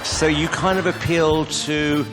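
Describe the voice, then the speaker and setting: A man's voice: on the high side, fairly even intonation, a little slow. Dry-humored male talent show judge. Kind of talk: judge's feedback. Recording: loud crowd and music.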